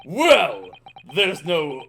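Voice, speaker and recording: A man voicing a hostile middle-aged prison governor who shouts and threatens. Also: fairly high pitch, huge pitch swings, extremely slow, vocal fry, a little hiss or hum, full character voice.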